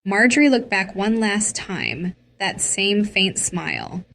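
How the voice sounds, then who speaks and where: A woman's voice: medium pitch, big pitch swings, slow pace, gravelly, fairly bright tone. A woman narrating a dramatic first-person story.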